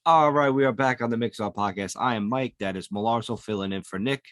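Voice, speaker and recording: A man's voice: medium pitch, fast, a bit bright, dry recording, clean studio sound. A man hosting a podcast, chatting casually with crude, laid-back banter. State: drowsy from a gummy and cold medicine. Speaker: podcast host. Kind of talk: casual chat.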